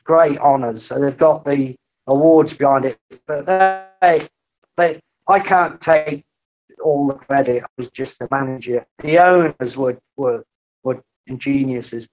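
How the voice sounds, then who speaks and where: A middle-aged man, a podcast guest telling lively anecdotes in casual conversation and acting out the voices he quotes. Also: fairly high pitch, a little slow. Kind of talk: storytelling in a casual interview.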